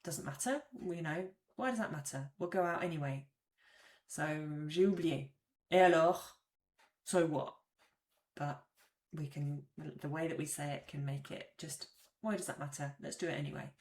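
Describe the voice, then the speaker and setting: A woman explains French expressions in a casual video lesson, chatty and easygoing, slipping into little acted examples. Her voice sits somewhat low for a woman. The recording has a roomy echo. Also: a little fast. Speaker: French language teacher.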